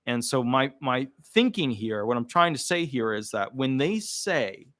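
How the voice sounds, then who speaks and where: Man, disability lawyer, indignant casual commentary, bright voice, dry sound. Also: medium pitch, unhurried, no echo. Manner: indignant, animated.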